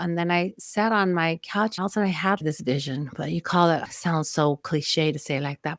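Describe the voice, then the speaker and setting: A Mexican woman in her fifties with a lowish voice appears as a podcast guest, telling a personal story earnestly and emotionally, vividly reliving her memories. The sound is clean studio audio with no room sound.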